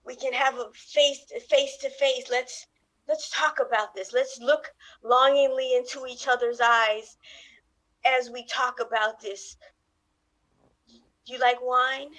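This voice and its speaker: A woman's voice: high voice, steady tone, slow, fairly bright tone. A woman playing a lovesick, melodramatic news anchor. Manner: melodramatic, pleading. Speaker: improviser. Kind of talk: improv comedy.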